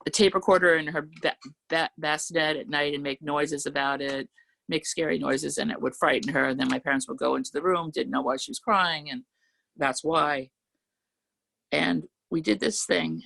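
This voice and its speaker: A woman poet on a video call reading her poems slowly and telling chatty stories between them. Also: low voice, creaky, a bit bright. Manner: slow, measured reading of verse, then chatty storytelling. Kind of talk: poetry reading with anecdotes.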